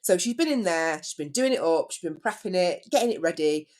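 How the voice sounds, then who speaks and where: A woman's voice: lowish voice, expressive, brisk, a little mellow. A woman hosting a solo podcast as a business coach, telling a story in a chatty way and putting questions to the listener.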